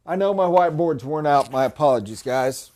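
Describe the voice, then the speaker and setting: A man's voice: on the high side, lively intonation, fairly quick, darkish tone. A middle-aged man giving an emphatic, preachy motivational talk as a sales trainer in a training room.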